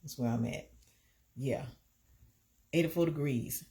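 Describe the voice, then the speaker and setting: A woman's voice: rumbling low, unhurried, dark tone. A woman, hosting a casual live stream and chatting to viewers in a repetitive, easygoing way. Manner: chatty, repeats herself, talks to viewers by name.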